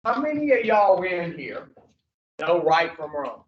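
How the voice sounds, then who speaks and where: A man's voice: high-pitched, very animated, measured pace, slight background noise. A man leading an addiction recovery group, lecturing bluntly and profanely and firing rhetorical questions at the room. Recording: distant, echoey, dull room recording.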